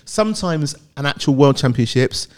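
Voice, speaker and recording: A man's voice: on the high side, lively intonation. A British man from Britain, a guest on a podcast, telling long rambling stories in casual chat and laughing easily. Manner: rambling storyteller, quick to laugh. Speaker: guest, athletics fan.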